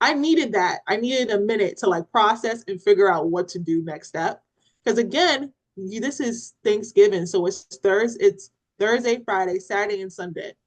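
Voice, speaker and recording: This woman, co-hosting a parenting podcast, animatedly retells a scene in casual chat, acting out the quotes with laughter. Her voice is medium in pitch at a moderate pace, and the recording quality is low.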